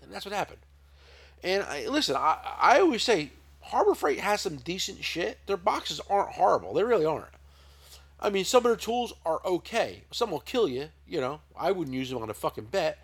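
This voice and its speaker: A middle-aged man rambles through a casual podcast chat, swearing freely and stumbling over repeated words. His voice sits a little high and swings widely in pitch. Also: big pitch swings, moderate pace, slightly rough. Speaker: podcast host, tool shop owner.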